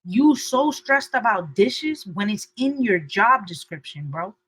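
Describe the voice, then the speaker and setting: Bright-voiced young woman telling a lively story. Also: measured pace, slightly rough, no room sound, low-quality recording. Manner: lively, acts out quotes with shifting pitch and loudness. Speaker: podcast co-host. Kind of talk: animated storytelling chat.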